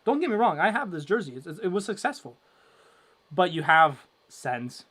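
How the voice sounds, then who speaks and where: A young man hosting a casual live hockey watchalong, rambling with lots of fillers and breaking into loud exasperation. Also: fairly high pitch. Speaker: livestream watchalong host.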